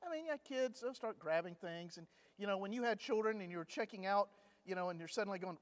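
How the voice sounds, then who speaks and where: Male Bible class teacher, high-pitched, conversational and humorous storyteller, church room with long reverb. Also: quick pace, hardly any pauses. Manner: chatty storyteller acting out anecdotes with humor.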